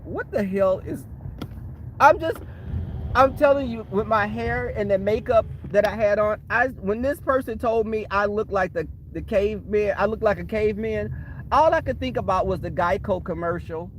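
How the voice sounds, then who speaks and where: A man with a notably high voice chats loosely on a phone livestream, talking straight to his viewers. He tells animated, rambling stories and laughs often along the way. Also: a little hiss or hum. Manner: animated storytelling, laughs often, talks to the chat. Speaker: livestream host. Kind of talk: casual livestream chat. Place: waiting for a shuttle, outdoors or in transit.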